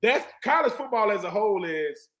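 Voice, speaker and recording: A man in his forties, a former football player on a sports talk panel, telling stories in a lively way and acting out what others said. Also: high voice, normal speed. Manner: animated storyteller who acts out quoted voices.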